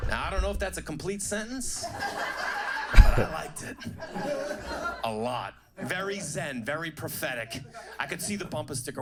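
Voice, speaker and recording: A man's voice: a little high, brisk, heavy background noise. A male stand-up comedian telling stories on a club stage in a conversational, self-mocking way, into a handheld mic.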